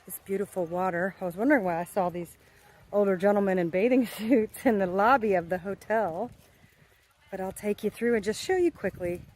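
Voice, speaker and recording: A woman's voice: mid-range voice, brisk, a little mellow, poor audio. A woman from the United States, chatting cheerfully to viewers as she films a travel vlog outdoors. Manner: chatty, upbeat, speaks to viewers. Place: outdoors by the sea.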